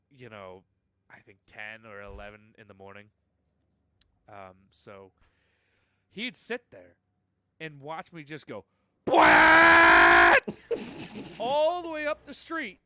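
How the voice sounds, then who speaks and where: A man telling a story in casual gaming chat, animated and swearing freely. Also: mid-range voice.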